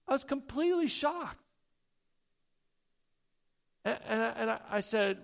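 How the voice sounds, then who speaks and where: A man preaching a sermon, telling a personal story with loud emphasis, soft asides and stammered repeats. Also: extremely high pitch, measured pace, creaky, pauses often. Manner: stammers and repeats words when excited. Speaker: pastor.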